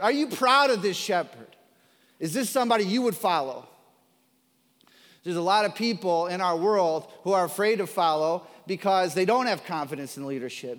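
A man's voice: sits high, a bit bright, in a large hall. A man preaching a sermon as pastor, earnest and building to emphatic, repeated declarations. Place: church sanctuary.

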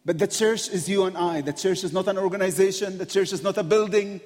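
A man preaching a sermon in a church with a slightly high voice that carries a long, lingering reverb through a large hall. He talks with passion and feeling, laughing often between phrases as he speaks to the congregation. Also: steady tone, a little fast, few pauses, darkish tone. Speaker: guest preacher. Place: church sanctuary.

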